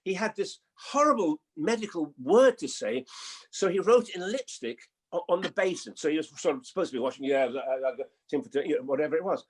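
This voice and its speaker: Husky older man telling lively stories. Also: fairly high pitch, fairly quick. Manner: animated storyteller, acts out voices in his anecdotes. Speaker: guest actor. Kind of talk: anecdotal chat.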